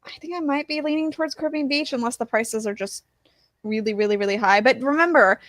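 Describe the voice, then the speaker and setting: A woman's voice: high-pitched, fast talker, a bit bright, no echo, studio quality. A woman co-hosting a casual podcast, thinking aloud, hesitant, with many fillers. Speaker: podcast co-host. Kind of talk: casual chat.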